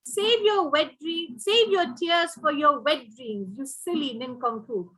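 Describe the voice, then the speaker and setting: A woman's voice: high voice, unhurried, fairly bright tone, poor audio. A woman voicing a sassy, scornful female peahen in a comic rhyming poem. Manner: mocking, tart rhyming retorts.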